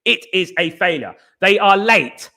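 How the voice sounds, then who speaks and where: A man's voice: high voice, expressive, measured pace, pushed and bright. A British man hosting a casual live stream, talking emphatically, repeating himself and reading viewer comments aloud. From Britain.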